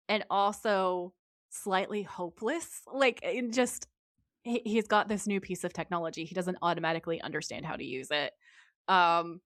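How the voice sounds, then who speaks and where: Woman podcast co-host, eager rambling fan chat, even pitch, dry close mic. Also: dry recording. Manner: enthusiastic, rambling with fillers. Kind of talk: casual chat.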